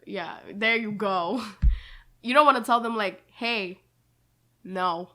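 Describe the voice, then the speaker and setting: This is a young woman, in her twenties, co-hosting a relaxed chat podcast. She talks freely and at length, with plenty of fillers and restarts, and laughs easily. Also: medium pitch, slow. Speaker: podcast co-host. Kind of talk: casual chat.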